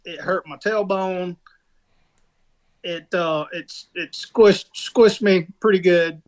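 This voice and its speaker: A man's voice: sits high, steady tone, slow pace. A man co-hosting a casual podcast, retelling a race crash in a rambling way full of restarts and fillers. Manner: rambling storytelling with many restarts. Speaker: podcast co-host and rock racer.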